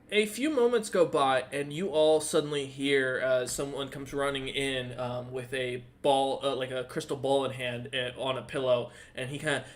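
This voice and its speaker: A man narrating as dungeon master of a tabletop game, halting and full of fillers, easily amused. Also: medium pitch, fairly bright tone.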